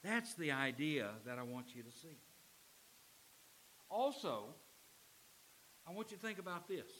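A middle-aged man preaching a sermon as pastor. He swings from loud, emphatic lines to low, quiet ones. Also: big pitch swings, a little slow, slight background noise, poor audio.

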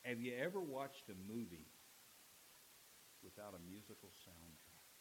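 A middle-aged man preaching a sermon as pastor. He swings from loud, emphatic lines to low, quiet ones. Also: expressive, measured pace, background noise.

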